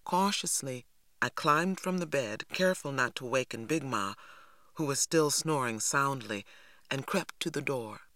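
A narrator reading a novel aloud in a steady storytelling manner. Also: medium pitch, a little slow, no echo. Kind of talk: audiobook reading.

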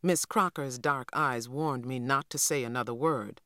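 A woman narrating an audiobook in a measured, even reading. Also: very deep voice, no echo, clean studio sound. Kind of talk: scripted narration.

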